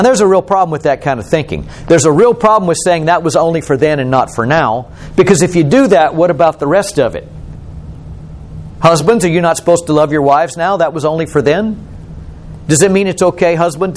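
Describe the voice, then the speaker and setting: A male pastor preaching a sermon, explaining scripture and asking the listeners questions. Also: a little high. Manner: questioning, explanatory, asks the congregation.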